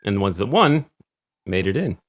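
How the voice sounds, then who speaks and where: A man's voice: fairly low pitch, big pitch swings, moderate pace. A man co-hosting a casual movie podcast, steering the talk through the story scene by scene. He drops dry little jokes along the way. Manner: retells plot in order, dry asides. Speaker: podcast co-host. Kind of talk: casual movie-review chat.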